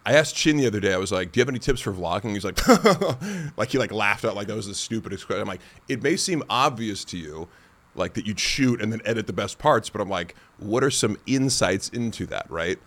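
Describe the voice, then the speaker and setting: Dude with a lowish voice rambling on a podcast, lots of likes. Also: male voice, animated, fast talker, a bit bright. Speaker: podcast host. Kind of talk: casual chat.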